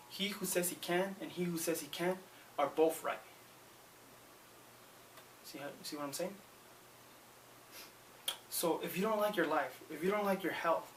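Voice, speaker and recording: A man's voice: fairly high pitch, recorded from a distance, a little hiss or hum, low-quality recording. A man giving an earnest, emphatic motivational talk, often repeating words as he starts a sentence. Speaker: motivational speaker.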